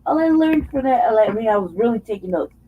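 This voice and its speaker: A co-host speaks fast in a high, animated voice with a breathy edge, heated and profane in a casual political chat. She often mocks others with put-on voices, and the audio is dull and lo-fi.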